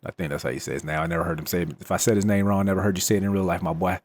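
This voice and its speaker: A man's voice: low voice, steady tone, racing, a little mellow, slight background noise. A man hosting a crypto channel, talking through the news in a loose, chatty way with slangy asides. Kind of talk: casual news commentary vlog.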